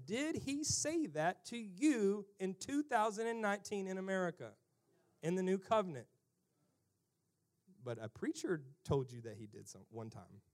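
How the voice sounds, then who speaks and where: A high-pitched man preaching. He booms out key lines, then drops to a near-whisper, and mimics the people in his story in mocking voices. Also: lively intonation, normal speed. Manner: swings from loud emphatic calls to hushed near-whispers; acts out characters in mocking voices. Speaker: pastor. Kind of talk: sermon.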